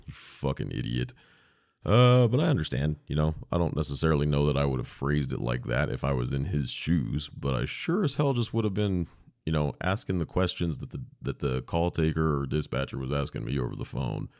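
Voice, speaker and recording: Extremely low and dark, with vocal fry, this man's voice is animated and a little fast. As a podcast host and former emergency dispatcher, he recounts past emergency calls casually and bluntly, laid-back and swearing now and then. His podcast microphone gives studio-quality sound with no room sound.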